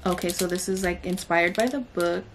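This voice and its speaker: A woman chats through an unboxing video. She is excitable and gushing, and she scatters fillers through her talk. Her voice has a gravelly, fry-laden texture, with a faint hiss of noise underneath. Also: fairly low pitch, moderate pace. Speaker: booktube host. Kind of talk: casual unboxing vlog.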